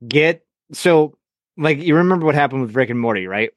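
A man's voice: on the high side, animated, a little fast, no echo. A man who is a guest on a podcast, talking in blunt, casual chat and swearing often while he rants. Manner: blunt, swears a lot, ranting.

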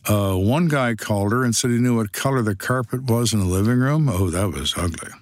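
Older man, low dry storytelling voice. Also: a little fast, no echo. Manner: dry, matter-of-fact storytelling. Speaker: retired police detective telling stories. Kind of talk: storytelling monologue.

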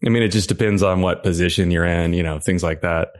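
A man's voice: low-pitched, steady tone, fast. A man co-hosting a podcast, chatting casually in an easygoing, rambling way. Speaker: podcast co-host. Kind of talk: casual comedic chat.

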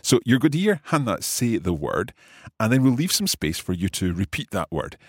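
A man's voice: fairly low pitch, big pitch swings, normal speed, no echo, studio quality. A middle-aged man hosting a language lesson podcast, curious and good-humoured, asking lots of questions. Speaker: podcast host and learner. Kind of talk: scripted language lesson chat.

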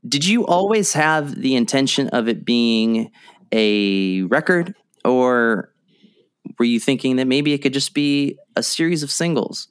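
A man's voice: mid-range voice, lively intonation, a little slow, clear, resonant tone, no echo, clean studio sound. A man hosting a podcast, asking long-winded questions and joking with his guest. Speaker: podcast host. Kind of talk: casual interview chat.

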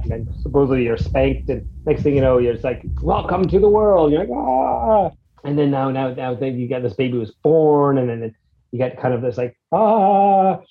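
Rambling, animated man in casual chat. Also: medium pitch, lo-fi sound, a little hiss or hum. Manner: rambling and animated, restarts, acts out his reactions. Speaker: guest reviewing a music track.

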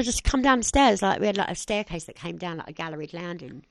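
Fast-talking woman with a gravelly voice. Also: fairly low pitch. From southeast England. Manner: lively storyteller who acts out other people's lines. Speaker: podcast guest. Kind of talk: casual interview storytelling.

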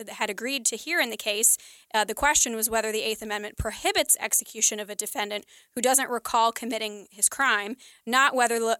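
A woman hosting a legal discussion, briskly summarizing court decisions before asking her guest for his thoughts. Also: fairly high pitch, pushed and bright, no echo. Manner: brisk, reads summaries, laughs along. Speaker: podcast host. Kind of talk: legal news summary and conversation.

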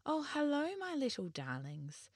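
A woman voicing a kind, gentle elderly grandmother who talks slowly and a little hesitantly. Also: high voice, huge pitch swings, no room sound, clean studio sound, pitched above the performer's own voice, full character voice. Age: older.

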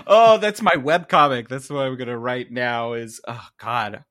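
A man's voice: mid-range voice, measured pace, sharp tone. A man rambling in an amused way in casual podcast chat. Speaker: podcast co-host.

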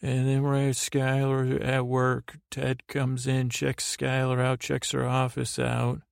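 A man's voice: medium pitch, completely flat delivery, slow, vocal fry, smooth, no echo, clean studio sound. A man hosting a bedtime podcast, rambling through a meandering recap full of fillers and digressions. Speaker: podcast host.

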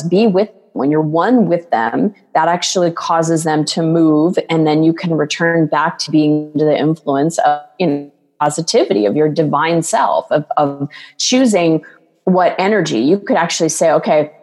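A woman's voice: low-pitched, a little mellow, in a large hall. A woman coach speaking as a guest in an interview, talking in an earnest, flowing way and acting out quoted voices. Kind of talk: casual interview talk.

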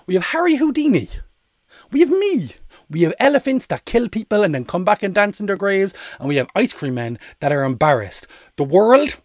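Animated Irish man hosting a comedy podcast. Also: on the high side, dry recording, clean studio sound. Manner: animated, profane, rambling comic storytelling. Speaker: podcast host. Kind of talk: solo comedy podcast monologue.

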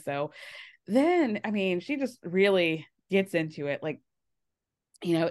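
A woman hosting a casual reality TV recap podcast, animated, laughing often and acting out cast members' lines in mocking voices. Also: fairly low pitch, measured pace, long pauses. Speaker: podcast host.

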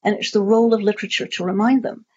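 Woman, husky, discursive, talk Q&A, muffled recording. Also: medium pitch, fairly even intonation, racing, warm tone. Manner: discursive, many fillers and restarts. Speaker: author answering audience questions. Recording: muffled lo-fi audio.

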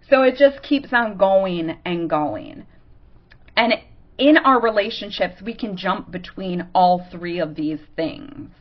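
A woman podcast host giving a casual teaching monologue. She talks conversationally and acts out quick examples as she goes. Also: on the low side, highs cut off.

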